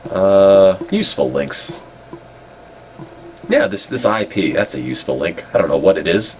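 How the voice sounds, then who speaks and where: A congested man making dry, deadpan remarks while browsing and reading out old web pages. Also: deep voice, moderate pace, slight background noise.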